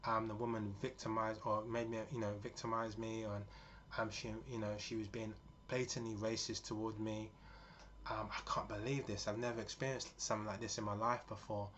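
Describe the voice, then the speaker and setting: A man voicing an upset young woman shopper who pleads in a high, breaking voice. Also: flat delivery, quick pace, few pauses, a bit bright, lightly acted. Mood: tearful. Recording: dull lo-fi with faint noise.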